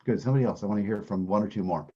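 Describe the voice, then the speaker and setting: A man with a low, mellow and slightly husky voice teaches a Bible class in an easy, conversational way. He asks his listeners questions and comes back to his key phrases again and again. The recording sounds dull and lo-fi. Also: rapid-fire. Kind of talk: interactive class lesson.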